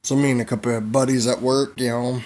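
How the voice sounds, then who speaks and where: A man with a middle-pitched voice rambles through a crude comedic vlog monologue. He swears freely, wanders off topic, and laughs at his own jokes as he goes. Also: flat delivery, quick pace, very noisy. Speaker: vlogger.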